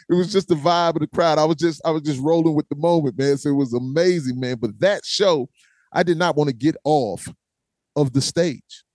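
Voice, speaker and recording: A man in a relaxed Q&A, telling road stories with lots of "man" thrown in and acting out the voices and crowd chants as he goes. His voice sits a little high for a man. The recording is dry and close, with no room sound. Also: dry recording. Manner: casual, peppered with "man". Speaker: host answering fan questions; former vocalist of a metal band. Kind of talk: casual storytelling Q&A.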